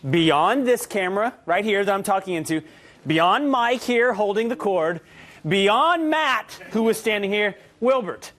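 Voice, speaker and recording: Brief: self-mocking male TV host with a high voice, casual studio banter. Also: animated, unhurried, fairly bright tone. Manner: self-mocking, explaining with a laugh. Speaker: news show host.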